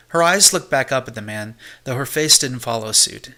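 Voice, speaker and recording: Man narrating an audiobook, bright voice. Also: medium pitch, animated, moderate pace, hardly any pauses.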